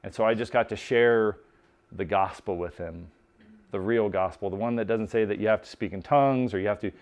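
A man preaching in a relaxed, conversational way, telling stories with many restarts and casual asides. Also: fairly low pitch. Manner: informal, lots of restarts and "like". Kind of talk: conversational sermon storytelling.

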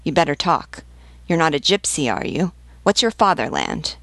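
A woman reading the part of a gruff male army sergeant who questions bluntly and demands answers. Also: deep voice, big pitch swings, moderate pace, a bit bright, no room sound, heavily acted. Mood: stern.

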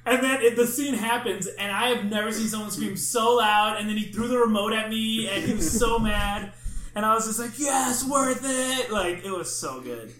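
Male podcast host, animated storyteller, slightly high pitch, roomy echo. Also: moderate pace. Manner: animated, swears, acts out friends' reactions. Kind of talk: casual chat, storytelling. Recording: echoey room, faint background hum.

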